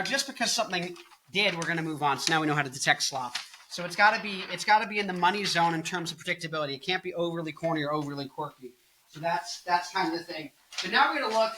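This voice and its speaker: A man's voice: fairly high pitch, quick pace, background noise. A young man in his twenties hosting a casual, jokey and rambling music commentary video. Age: 20s. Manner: jokey, rambling, goofs off into silly bits.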